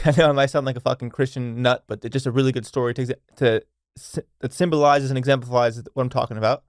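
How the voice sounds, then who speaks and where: A man's voice: medium pitch, fairly even intonation, fast talker, clean tone, no room sound, clean studio sound. Blunt, profane young man hosting a podcast. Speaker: podcast host. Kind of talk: solo podcast monologue.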